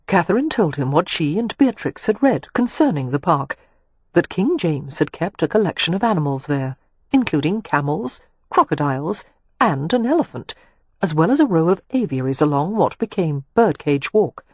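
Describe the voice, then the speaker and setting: An audiobook narrator reading a period romance in a measured, even storytelling manner. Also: mid-range voice, husky, no room sound. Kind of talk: scripted narration.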